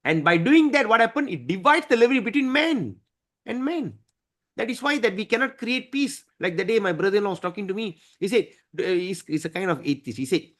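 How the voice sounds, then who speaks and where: A man teaching a devotional scripture class, emphatic and often clearing his throat. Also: high-pitched, lively intonation, fairly quick, a bit bright.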